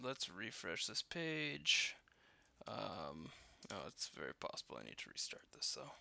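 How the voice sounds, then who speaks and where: A programmer live-codes a game in a casual walkthrough, thinking aloud with lots of fillers and self-deprecating asides. His voice is lowish and gravelly, pushed and bright, with wildly swooping pitch at a measured pace. There's no room sound.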